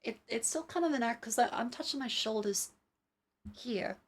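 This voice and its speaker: A woman's voice: a little high, expressive, a little fast, slightly rough. A young adult woman streamer chatting casually and rambling, with many fillers and some swearing, while testing tracking gear. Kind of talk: casual live-stream chat.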